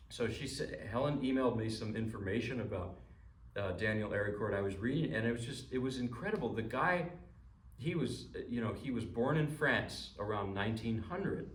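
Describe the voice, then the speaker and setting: Before playing a piano piece, a pianist gives his audience an informal talk in a recital room, chatty, rambling and full of jokes, often restarting his sentences. His mid-range voice keeps a moderate pace, picked up by a distant mic so the echoey room sounds far off.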